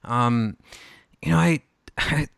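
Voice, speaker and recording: A man hosting a podcast, sharing a personal reflection in a soft, searching way, with hesitant restarts. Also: mid-range voice, slow pace, creaky, dry recording, studio quality. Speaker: podcast host. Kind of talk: reflective conversational interview.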